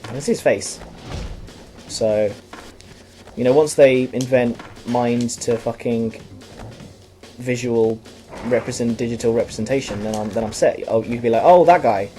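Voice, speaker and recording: A man's voice: medium pitch, fairly even intonation, measured pace, pauses often, dark tone, soft background music. A young man giving rambling, profane, self-mocking commentary while playing a video game. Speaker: let's play commentator.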